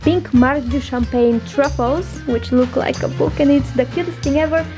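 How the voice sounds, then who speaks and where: A woman's voice: sits high, moderate pace, over music. A young woman vlogging casually in a chatty, upbeat way. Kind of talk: casual vlog narration. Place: home and outdoors around town.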